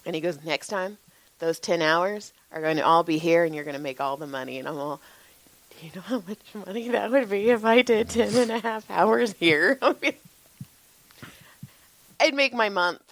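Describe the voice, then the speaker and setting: A woman, telling stories in a casual podcast chat, animated and laughing, often swearing and acting out what people said. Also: on the low side, normal speed, no room sound. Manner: animated, laughing, swearing freely, acts out quotes. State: tired. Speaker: podcast co-host, massage therapist.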